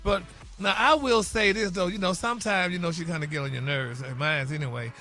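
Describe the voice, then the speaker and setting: A man dishes celebrity gossip on a morning radio show, and his voice sits high for a man. His tone is bright and sharp. He is sassy and opinionated, drops "honey" and "y'all" into every line, and argues back at his co-hosts. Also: fairly quick, faint music behind. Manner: animated, opinionated, bickers with co-hosts.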